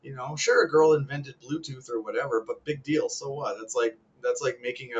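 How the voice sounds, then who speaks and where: A man's voice: medium pitch, fairly quick, hardly any pauses, highs cut off. Profane, rambling man in his thirties. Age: 30s. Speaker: vlogger. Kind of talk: casual rant.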